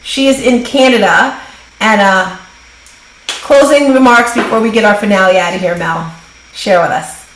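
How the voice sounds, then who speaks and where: A woman hosting a live online business workshop, brisk and upbeat, giving quick directions over a video call. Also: mid-range voice, roomy sound, slight background noise, poor audio. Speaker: workshop host and business coach.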